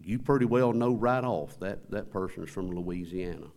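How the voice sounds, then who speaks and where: A pastor with a Southern American accent preaching a sermon in a folksy way, asking the congregation questions. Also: male voice, deep voice, normal speed, darkish tone.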